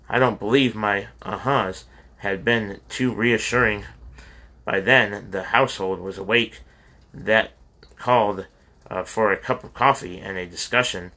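A man's voice: fairly low pitch, bright, forceful tone. A man reading a memoir aloud in an earnest, heartfelt way, with small slips and restarts. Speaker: audiobook reader. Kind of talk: scripted memoir narration.

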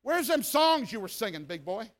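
A man's voice: high-pitched, big pitch swings, normal speed. A man with a Southern US accent voicing the devil as a sneering male figure who taunts him in a folksy, mocking way during a sermon story. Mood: taunting.

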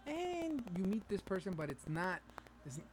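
A man co-hosting a laid-back podcast, his voice on the higher side for a man. He spins scenarios with animated energy, calls his friend bro and drops into phrases as he goes. A steady hum of room noise runs underneath. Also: normal speed. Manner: animated storyteller, calls people bro, mixes in Spanish. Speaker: podcast co-host. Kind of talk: casual banter.

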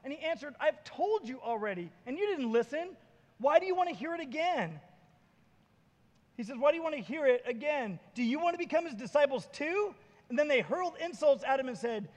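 A man with a very high-pitched voice preaches a sermon and retells scripture scenes with lively, acted-out dialogue. The sound carries a long reverb, as if recorded in a large hall. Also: normal speed. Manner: animated storytelling, acting out Bible scenes. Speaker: pastor.

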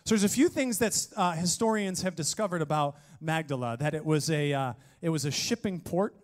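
A man preaching a sermon, energetic and joking, with playful asides to his congregation. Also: fairly high pitch, a little fast. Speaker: pastor.

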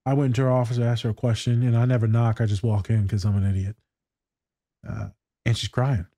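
A man in casual conversation, talking bluntly and swearing freely as he tells stories. His voice is mellow and dark in tone, in a dry, close recording with no room echo. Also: medium pitch, level tone, fast talker. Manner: blunt, profane, storytelling. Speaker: therapist reacting to a TV scene. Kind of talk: casual reaction chat.

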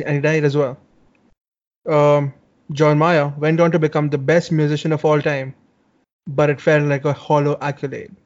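A man with a fairly high voice riffs on a comedy podcast in an easygoing, playful way. The audio is a little dull and lo-fi. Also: darkish tone. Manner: laid-back, laughing, playful. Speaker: podcast co-host. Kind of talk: casual comedic chat.

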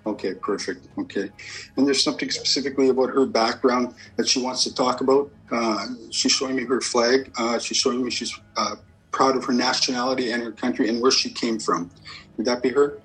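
A man's voice: medium pitch, fairly even intonation, fairly quick, a bit bright, husky, soft background music, low-quality recording. A man working as a medium and giving a spirit reading. He asks a string of short yes-or-no questions and answers each reply with "okay, perfect.".

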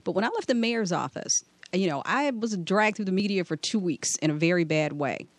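A woman's voice: fairly low pitch, animated, a little fast, no echo. A woman from Detroit co-hosting a talk show, firm and outspoken in casual chat.

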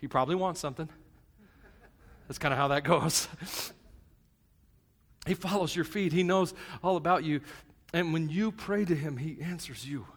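A man's voice: a little high, moderate pace, long pauses. Joking preacher, man, in a reverberant hall. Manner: conversational and joking, swinging from hushed to shouted; self-described plain and a bit crass. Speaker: pastor. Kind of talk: sermon. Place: church service.

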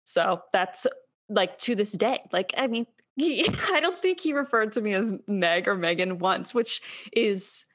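Woman podcast host, easy chatty delivery, quick to laugh. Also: medium pitch, lively intonation, a bit bright. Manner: laughs often, chatty, swears. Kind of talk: casual chat.

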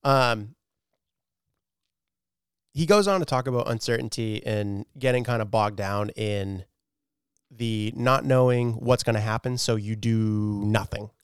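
A man's voice: on the low side, unhurried, clear, resonant tone, no room sound, clean studio sound. A man co-hosting a podcast, chatting casually, swearing often and laughing easily. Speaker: podcast co-host.

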